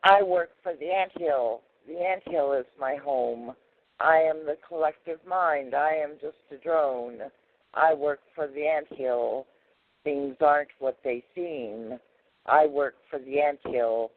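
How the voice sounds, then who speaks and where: A soulless male computer-chip drone chants its rhymes mechanically, as a man reads his poem over the phone. The voice sits fairly high and moves slowly. It is heard through a tinny, dry phone line. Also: dry recording. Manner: mechanical rhyming recitation. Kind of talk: reciting a poem on call-in radio.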